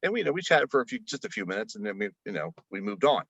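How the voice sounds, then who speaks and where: A man's voice: on the low side, expressive, fast talker, a bit bright, no echo, highs cut off. A man chatting casually as a podcast guest, rambling with many fillers and restarts. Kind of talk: casual chat.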